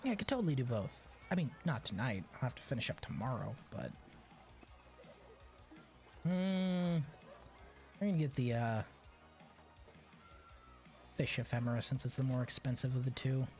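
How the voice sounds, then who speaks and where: A male game streamer talking casually over his gameplay, swinging widely in pitch as he tells a story. His delivery is sarcastic and chuckling. Game music plays clearly behind him. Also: expressive, moderate pace, long pauses, darkish tone.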